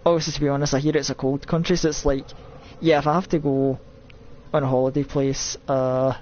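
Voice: mid-range voice, level tone, brisk, darkish tone. A Scottish streamer chatting through a horror game live, wandering off into tangents and poking fun at their own jokes. The voice sits in a middling register, caught on a slightly dull, lo-fi mic with a faint hiss underneath. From Scotland. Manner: rambling and self-mocking, jumpy with nervous exclamations. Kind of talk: live gameplay commentary.

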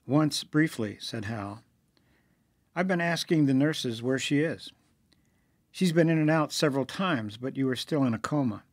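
A man reading a novel aloud as narrator, lifting his pitch a little for the characters' lines. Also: darkish tone, no room sound, clean studio sound. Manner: reads dialogue with slightly raised pitch for characters. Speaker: audiobook narrator.

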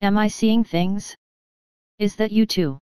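A woman's voice: medium pitch, fairly even intonation, slow, darkish tone, smooth, no echo, lightly acted. A woman doing a bewildered young knight. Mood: confused. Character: young male knight in silver armor, confused.

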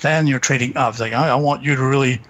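A man talking casually as a podcast guest, halting and restarting his sentences. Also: mid-range voice, fairly even intonation, a bit bright. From Canada. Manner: halting, restarts often, chuckles. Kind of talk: casual chat about tabletop games.

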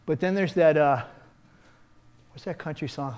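An older man teaching a hands-on martial arts seminar, energetic, shouting sound effects and checking in with "right?" as he demonstrates. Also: fairly high pitch, unhurried, smooth.

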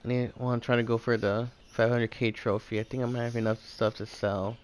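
A man gives casual commentary while playing a game and thinks out loud as he goes. His voice is smooth and clear, with an average pitch. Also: level tone, brisk. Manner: rambling, thinking aloud. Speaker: game streamer.

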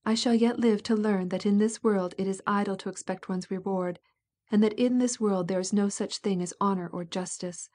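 A proud princess, bitter and cutting, her words edged with wounded resentment, as a woman reads her in an audiobook. The tone is mellow and dark rather than shrill. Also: steady tone, normal speed, natural voice. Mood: bitter, indignant.

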